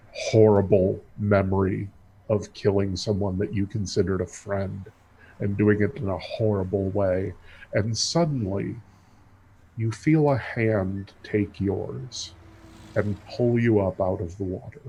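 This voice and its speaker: A man narrating as game master of a tabletop game, describing the scene in a slow, measured way. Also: lowish voice, steady tone, darkish tone, slight background noise, poor audio.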